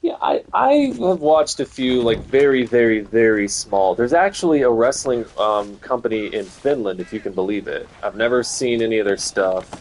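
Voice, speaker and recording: A man's voice: medium pitch, lively intonation, moderate pace, few pauses, a little mellow, slight background noise. A man streaming a video game, talking casually in a rambling, chatty, self-mocking way while he plays. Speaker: gaming streamer. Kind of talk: casual chat while playing. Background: game music.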